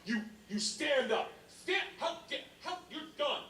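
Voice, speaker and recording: A man's voice: extremely high pitch, animated, unhurried, pushed and bright, distant mic, slight background noise, voice pushed up, full character voice. A man impersonating a furious, stern woman teacher who barks clipped orders. It is a stand-up clip replayed in an echoey room. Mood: barking.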